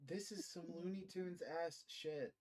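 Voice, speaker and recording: A man narrating as game master in a tabletop game, animated and swearing freely. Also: sits high, measured pace, poor audio.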